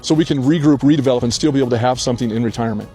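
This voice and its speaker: Older male vlogger, crying but earnest, mellow tone, faint music behind. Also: medium pitch, very fast. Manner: earnest, tearful, heartfelt. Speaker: channel host. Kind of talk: emotional personal vlog. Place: outdoors on a hillside rock.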